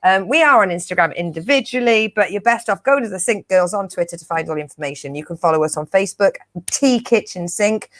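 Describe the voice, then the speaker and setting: A woman's voice: mid-range voice, fast, no room sound. Woman co-host, bawdy and jokey, dry close sound. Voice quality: bawdy, laughing, sweary banter. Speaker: co-host of a comedy chat show. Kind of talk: casual live-stream chat.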